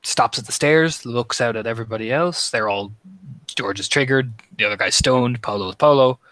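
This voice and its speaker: A man's voice: medium pitch, normal speed, a bit bright, no echo. A man narrating as game master of a tabletop horror game, dramatic and imitating heartbeats. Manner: dramatic, mimics heartbeat sounds.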